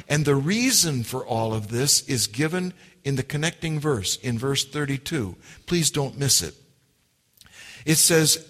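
Slow, deliberate preacher in a reverberant hall. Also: male voice, fairly high pitch, lively intonation, a bit bright. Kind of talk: sermon.

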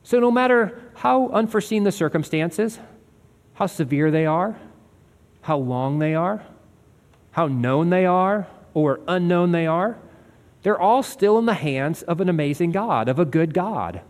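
A man's voice: high-pitched, animated, measured pace, big-room sound. A man preaching a sermon as a pastor, earnest and conversational, asking his listeners rhetorical questions.

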